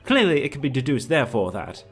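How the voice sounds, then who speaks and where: A man's voice: medium pitch, very animated, fast talker, husky, faint music behind. A man voicing an eccentric, pompous male detective with a put-on British accent, read from a video game. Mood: grandiose.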